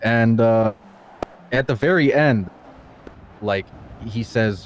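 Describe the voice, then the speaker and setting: A man's voice: medium pitch, slow, long pauses, slight background noise. A man in a roleplay who tells his side of events in a rambling, casual way and swears a lot. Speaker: accused client in roleplay. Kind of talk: in-character roleplay storytelling.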